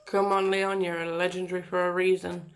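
A woman's voice: lowish voice, level tone, fairly quick, faint music behind. A woman giving chatty, exasperated commentary over a game she is playing, with plenty of mild swearing. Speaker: gaming commentator. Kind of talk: live gameplay commentary.

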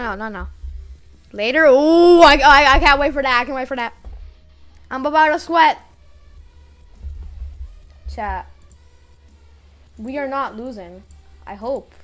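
Heard over faint game music, this high-pitched streamer talks slowly between sudden hyped outbursts. The live gameplay commentary is excitable and loud, with chanted cheers and quick shouts. The voice sits well above the usual range. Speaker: livestreaming gamer playing with viewers.

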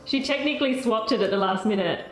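Playful mum, slightly high, echoey room. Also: female voice, fast talker. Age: adult. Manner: playful, teasing, counts down. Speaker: mother refereeing her kids' game. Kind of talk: casual family banter.

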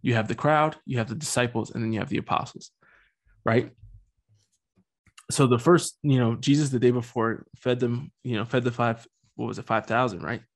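A man's voice: mid-range voice, fairly even intonation, normal speed. A young man hosting a podcast, talking through a Bible passage in a casual, joking way full of slang. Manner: slangy, joking, loose and chatty. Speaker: podcast host. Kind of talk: casual Bible-study talk.

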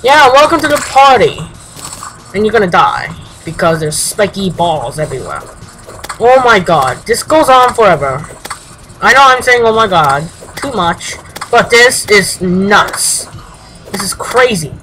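Excitable young gamer with lively pitch. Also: male voice, a little slow, slight background noise, rough recording. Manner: excitable, swears often, jumps into high exclamations. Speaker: gameplay commentator. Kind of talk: casual let's-play commentary.

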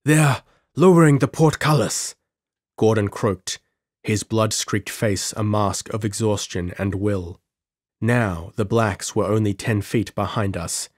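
A man narrating a pulp adventure story in an audiobook with measured, dramatic delivery. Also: fairly low pitch, fairly even intonation, no echo, studio quality.

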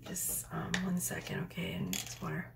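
A woman in her thirties giving a casual tarot reading at home, chatty and rambling, with soft whispered asides. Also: moderate pace. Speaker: tarot reader. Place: home room.

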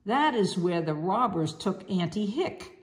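A woman voicing a calm, pipe-chewing old seafaring uncle in a storybook reading. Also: mid-range voice, a little slow, close to an everyday voice. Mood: steady.

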